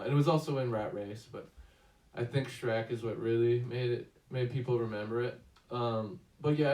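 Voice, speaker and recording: A man's voice: mid-range voice, a little mellow. A man hosting a casual movie review chat, rambling with many fillers and restarts. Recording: echoey room, distant mic.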